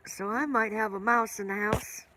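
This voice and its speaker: A woman's voice: a little high, steady tone, normal speed, noisy background. A middle-aged woman chatting casually with viewers on her livestream, rambling from story to story and greeting people by name. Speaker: livestream host.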